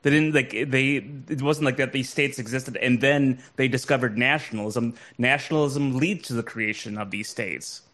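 A man's voice: mid-range voice, moderate pace, few pauses, fairly bright tone. A man co-hosting a casual talk show, speaking in a musing, argumentative, hesitant way. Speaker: co-host. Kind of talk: casual discussion.

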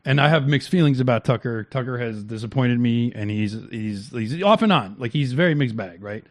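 A man co-hosting a casual talk show, candid and trailing off softly at the ends of thoughts. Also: mid-range voice, expressive, normal speed, dry recording, studio quality. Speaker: podcast co-host. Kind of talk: casual chat reacting to a clip.

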